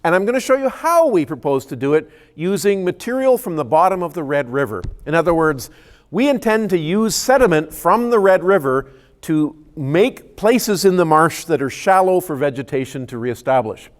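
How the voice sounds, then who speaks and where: A man's voice: fairly high pitch, lively intonation, normal speed. A man who is a scientist, giving an explanatory public presentation with slides and often repeating words as he restarts a sentence. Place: community meeting room.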